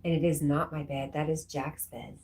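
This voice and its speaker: A woman with a low voice and flat delivery speaks at normal speed. Hosting a casual livestream, she warmly reads viewers' chat comments aloud and answers them, getting emotional along the way.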